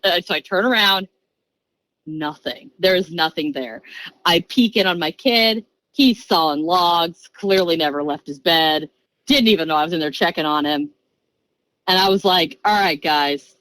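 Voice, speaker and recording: A woman in her thirties, a podcast guest telling a story in a casual, chatty way, jumping into quick bursts and acting out the voices she quotes. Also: fairly low pitch, no echo, poor audio. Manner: animated, acts out voices and quoted lines.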